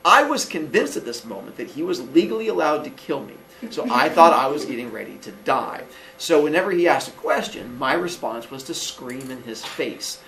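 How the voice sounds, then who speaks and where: Animated man telling a funny story. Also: moderate pace, vocal fry, distant mic. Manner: animated, laughing often, acting out quotes in a high voice. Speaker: podcast host. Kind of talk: casual personal storytelling.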